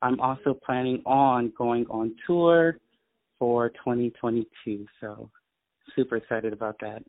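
A man's voice: medium pitch, fairly even intonation, measured pace. A man speaking as a musician guest in a casual interview, eager and stopping with fillers. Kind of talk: casual interview over the phone. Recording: tinny phone line.

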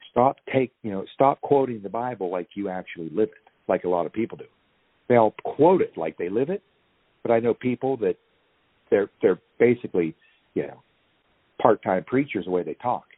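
A man's voice: deep voice, breathy edge, no echo, phone-quality sound. A man speaking as an interview guest, fiery and ranting, his voice surging up on key points. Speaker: guest activist. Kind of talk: impassioned podcast interview.

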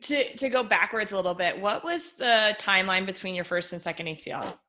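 Female interview host, crisp bright voice, casual and supportive. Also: mid-range voice, brisk.

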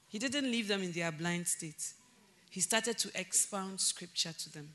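A woman preaching a sermon in a church, animated, breaking into loud emphasis and laughter as she acts out conversations. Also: mid-range voice, a little slow.

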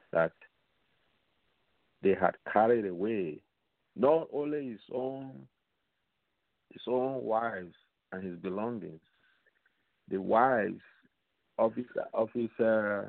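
Slow gravelly preacher man on a phone line. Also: on the low side, no echo. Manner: slow, repetitive, asks the audience rhetorical questions. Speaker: radio preacher. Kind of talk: radio Bible teaching. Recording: tinny phone-line sound, dry.

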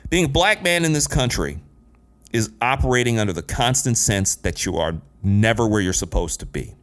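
A man's voice: medium pitch, animated, normal speed, fairly bright tone. A man in his late thirties telling a personal story in an earnest, emphatic way, building his points through repetition. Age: late 30s.

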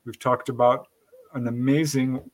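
Male talk show host, friendly, chatty, live radio feel, mid pitch. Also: level tone, measured pace. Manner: friendly, chatty, reads station info from notes.

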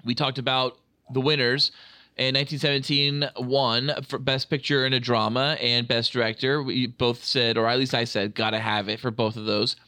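Podcast co-host, male, bright crisp voice, dry close mic, jokey and loose. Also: medium pitch, level tone, normal speed, no room sound. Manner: jokey, hesitant restarts, leads the segment. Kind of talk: casual chat.

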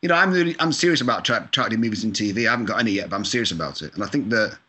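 A man from Scotland talks in a fast, bright, slightly low voice. He chats casually as an interview guest, self-deprecating, with mild swearing. His speech is loose and full of fillers. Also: expressive, breathy edge. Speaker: video game composer, guest. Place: lives in California.

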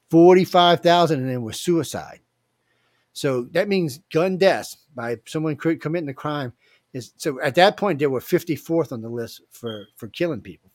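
A man hosting a casual talk show, blunt and animated, his voice rising loud and dropping soft. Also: fairly high pitch, no room sound. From Southern US. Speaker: host.

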